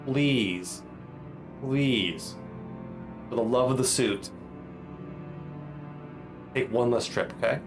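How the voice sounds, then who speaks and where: Older male tailor, fussy and theatrical, voiced by a man, mid-pitched, faint music behind. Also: takes it slowly, long pauses. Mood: fussy pleading. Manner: fussy, pleading, talkative.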